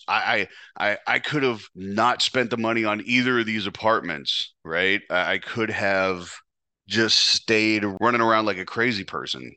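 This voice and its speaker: Man, low-ish pitch, forceful, stammering restarts, profane storytelling, dry close sound. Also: moderate pace, no room sound. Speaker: podcast host telling his own story. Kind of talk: casual storytelling monologue.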